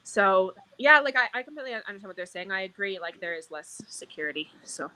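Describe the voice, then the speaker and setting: A woman's voice: mid-range voice, lively intonation, fast, bright, forceful tone, rough recording. A young woman guest, a casino dealer, talking casually and rambling with lots of "like". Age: young adult. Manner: rambling, says "like" constantly. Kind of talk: casual chat.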